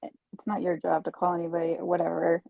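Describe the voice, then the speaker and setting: A woman's voice: on the low side, monotone, fast talker, creaky, dry recording. A woman calling in as a guest on a livestream, apologetic and trailing off, heard over a tinny, phone-like line. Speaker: call-in guest. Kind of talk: casual chat.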